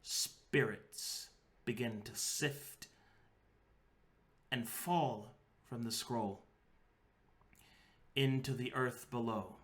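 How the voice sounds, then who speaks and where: A man narrating a tabletop game as game master, describing the scene slowly and dramatically. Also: medium pitch, fairly even intonation, a bit bright.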